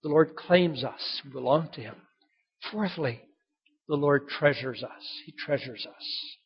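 A pastor preaching a sermon, emphatic and conversational, who drives home key points by repeating them, in a dull lo-fi recording. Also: male voice, fairly high pitch, unhurried, slightly rough.

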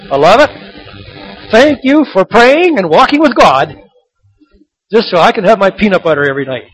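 A man's voice: sits high, very animated, normal speed, fairly bright tone, slightly rough, rough recording. A man in his sixties preaching a sermon, firing rhetorical questions and building to emphatic peaks. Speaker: pastor.

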